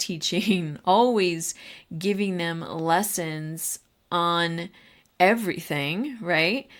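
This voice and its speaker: A middle-aged woman hosting a podcast for teachers, talking in a casual, encouraging way with fillers and asides. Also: fairly low pitch. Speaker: podcast host.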